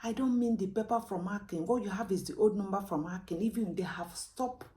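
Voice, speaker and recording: A woman voicing a stubborn, dismissive female office clerk, high and loud. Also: fairly quick, natural voice. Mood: lecturing.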